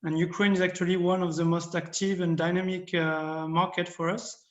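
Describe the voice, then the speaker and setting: A man introduces his consulting company to a panel. His voice sits a little high, and he pauses often with ums and uhs. The room around him is roomy and echoing. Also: flat delivery, lo-fi sound. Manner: hesitant, many fillers. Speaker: company CEO. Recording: roomy echo.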